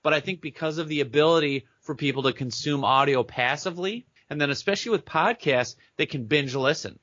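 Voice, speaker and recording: Bright, upbeat American man talking sales. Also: fairly high pitch, dry recording, highs cut off. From Minneapolis area, United States. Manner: enthusiastic, fast-talking salesman, acts out chat messages. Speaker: guest, business coach. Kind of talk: podcast interview.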